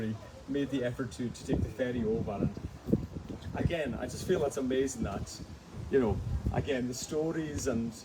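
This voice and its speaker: A man with a Hebridean Scottish accent speaks at a middling pitch, chatting warmly through anecdotes at a live bookstore event and breaking into laughter as he tells them. The recording carries a clear hiss of background noise throughout. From Outer Hebrides, Scotland. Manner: chatty storyteller, laughs often. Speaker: guest author. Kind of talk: live book event conversation.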